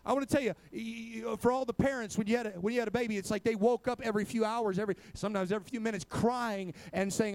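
A man, a pastor, preaching a sermon. He peppers his talk with amen and praise God, and swings from quiet asides to loud exhortation. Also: high voice, fast, few pauses.

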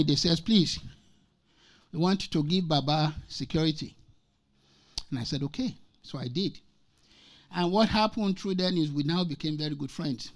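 A man in his sixties from Nigeria, preaching as a guest speaker and telling stories from his own life. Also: on the high side. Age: 60s. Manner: emphatic, repeats scripture lines, tells personal stories. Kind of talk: sermon.

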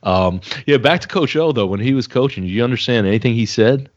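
A man's voice: medium pitch, expressive, fast talker, no room sound, dull audio. A man hosting a sports podcast, chatting casually and wrapping up the episode in an easygoing way. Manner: easygoing, chatty, wraps up show. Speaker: podcast host.

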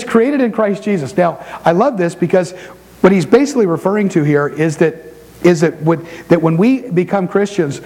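A middle-aged pastor preaching to his congregation in a church, telling stories with quick asides and repeated words. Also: a little high, poor audio. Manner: animated storytelling preacher with quick asides and repetitions. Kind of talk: sermon. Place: church sanctuary before a congregation.

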